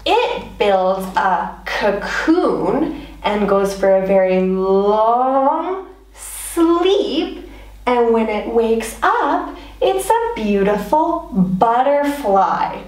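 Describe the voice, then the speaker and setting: A woman's voice: a little high, very animated, very slow, a little mellow. A woman teaching English words to young children, prompting them to repeat and praising them in an encouraging, sing-song way. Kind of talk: slow children's vocabulary lesson. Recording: echoey room, voice a bit far from mic.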